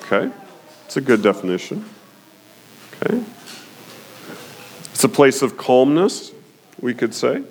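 A man teaching a Bible study in a conversational way, often pausing to ask "okay?" and putting questions to his listeners. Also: medium pitch, big pitch swings, darkish tone, a little hiss or hum. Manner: conversational, frequent "okay?" check-ins.

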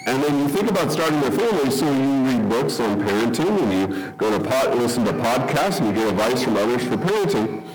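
A middle-aged man preaching a sermon to his congregation in a relaxed, conversational way, often checking in with "okay?" and repeating words as he restarts. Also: fairly high pitch. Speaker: pastor. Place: church hall with congregation. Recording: roomy echo with music behind.

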